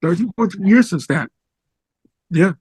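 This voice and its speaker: High-voiced animated man telling a story. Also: unhurried, slightly rough, dry recording. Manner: animated, rises high when excited. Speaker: musician guest. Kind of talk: casual storytelling.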